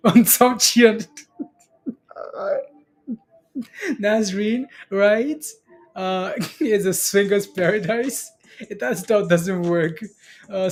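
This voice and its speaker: Young male streamer, high voice, rambling casual chat with lots of laughs and fillers. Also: darkish tone. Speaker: livestream stock trading host. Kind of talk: casual livestream chat reading viewer comments.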